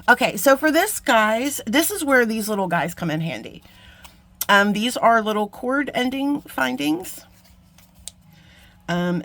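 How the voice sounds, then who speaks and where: A middle-aged woman with a medium-pitched voice chats casually through a jewelry-making tutorial, poking fun at herself and addressing viewers like friends. There's a little hiss or hum in the recording.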